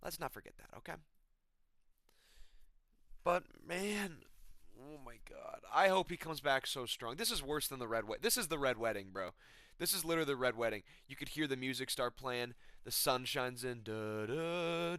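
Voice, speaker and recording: A young man vents about a fight, exasperated and profane, looping back over the same phrases. His voice is bright and crisp. The sound is dry and close. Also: mid-range voice, no echo. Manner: exasperated, swearing, repeating himself. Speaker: MMA commentator. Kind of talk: emotional rant. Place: his apartment.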